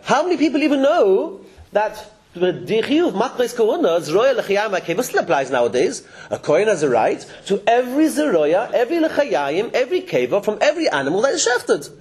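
Male religious teacher lecturing a room of listeners, high and lively voice, chuckles and restarts often. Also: brisk. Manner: animated, chuckling, with frequent restarts. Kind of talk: lecture to a live class. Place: classroom with listeners.

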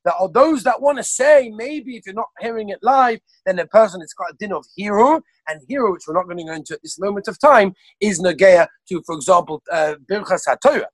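A man teaching a Torah class over a video call, reeling off sources one after another in an animated way. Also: sits high, no echo, poor audio. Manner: rapid-fire listing of sources, animated. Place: lives in Israel.

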